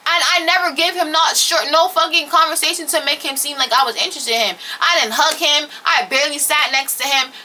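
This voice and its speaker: Young woman vlogger, very bright, slightly high voice, animated and slangy storytelling, on a camera mic. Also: brisk, hardly any pauses, a little hiss or hum. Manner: animated, profane, slangy, emphatic. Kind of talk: casual storytime chat to camera. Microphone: camera or phone on-board mic.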